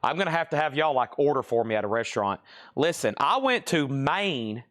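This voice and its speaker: A man from the American South with a clear Southern accent hosts a live record sale. His voice sits in a middle range, and he rambles and chats casually, laughing often between his asides. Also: medium pitch, very animated, a little fast, a bit bright. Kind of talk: casual live-stream selling chat.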